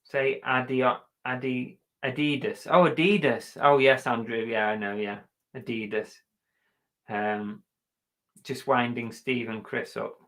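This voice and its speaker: Host, male, London accent, bright and teasing, casual stream banter. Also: medium pitch, steady tone, measured pace. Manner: joking, teasing, chatty. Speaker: reseller vlog host. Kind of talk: casual live-stream chat.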